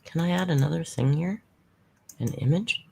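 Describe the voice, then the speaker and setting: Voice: medium pitch, lively intonation, normal speed, creaky, background noise. A commentary channel host recapping a livestream in a chatty, sarcastic tone, with mocking asides.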